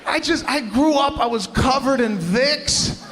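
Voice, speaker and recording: A male stand-up comedian telling animated, exasperated stories, breaking into shouted punchlines. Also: extremely high pitch, a little slow, faint music behind. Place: large live comedy venue. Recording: live stage with hall echo and crowd.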